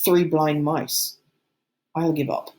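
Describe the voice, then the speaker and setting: A worried, earnest boy leader speaking carefully and doubtfully, as a woman reading a storybook puts him on. His voice stays measured and a little raised. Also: deep voice, flat delivery, a little mellow. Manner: cautious, earnest.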